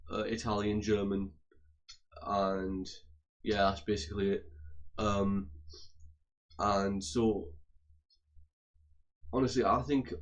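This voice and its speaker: Low flat-voiced young man ranting. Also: muffled recording. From England. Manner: rambling, repetitive, argumentative. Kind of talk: casual rant to camera.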